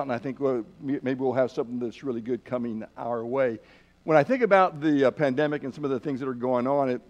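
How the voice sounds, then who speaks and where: A man's voice: medium pitch, a little mellow. A man preaching a sermon in a loose, folksy way, with many fillers and restarts. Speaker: pastor. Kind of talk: sermon with a told joke.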